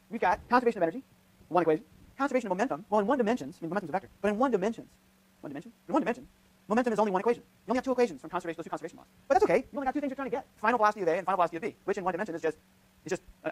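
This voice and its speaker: A man lecturing on physics in a lecture hall, thinking aloud with frequent restarts and "right?" checks as he runs a live demonstration. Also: high-pitched. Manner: thinks aloud, many restarts and tag questions. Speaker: physics professor.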